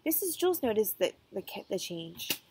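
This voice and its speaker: A woman's voice: mid-range voice, very animated, normal speed, darkish tone, a little hiss or hum, poor audio. A woman teacher reading a children's chapter book aloud to her students, with casual asides, fillers and self-corrections.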